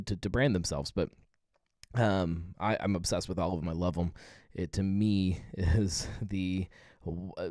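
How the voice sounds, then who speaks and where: A man's voice: sits low, a little mellow, no echo, studio quality. A man hosting a casual live beer-tasting stream, rambling with many fillers and reading viewer comments aloud. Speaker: livestream host.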